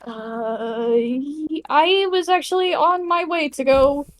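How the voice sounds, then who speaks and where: A woman's voice: high-pitched, slow pace. A woman in a tabletop game, talking in character, flustered and hesitant.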